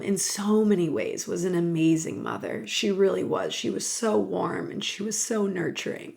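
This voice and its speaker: A middle-aged woman hosting a podcast, telling a personal story in a soft, emotional way and sometimes dropping into a whisper. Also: lowish voice, vocal fry. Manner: soft and slow, drops to a whisper in places; emotional, laughs and sighs while sharing. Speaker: podcast host.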